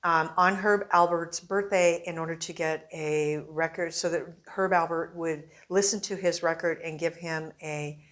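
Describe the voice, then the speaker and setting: A woman reporter with a somewhat low-pitched voice, telling stories in a relaxed interview. She slips into other people's voices as she quotes them. The whole thing is animated and conversational. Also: unhurried, hardly any pauses. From Arizona. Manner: animated anecdotes with acted-out quotes. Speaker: newspaper reporter, interview guest. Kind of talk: casual storytelling interview.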